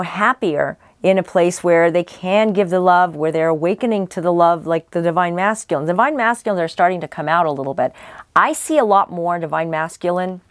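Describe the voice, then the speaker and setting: Casting note: woman psychic, low-ish voice, rambling delivery, voice a bit worn, dry room. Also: dry recording. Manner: rambling, many restarts and fillers. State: losing her voice. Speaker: psychic tarot reader. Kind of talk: casual spoken tarot reading.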